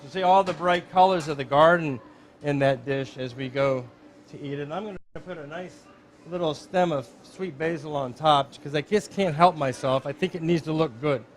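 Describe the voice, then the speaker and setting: A man's voice: fairly high pitch, moderate pace, a little hiss or hum. A middle-aged man working as a chef, giving a live cooking demonstration at a dinner event. He is upbeat and chatty, and he explains each step as he goes.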